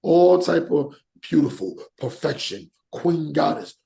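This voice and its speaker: Gravelly high-voiced man ranting on a podcast. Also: unhurried. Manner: animated, rants with acted-out examples. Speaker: podcast host. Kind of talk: casual podcast chat.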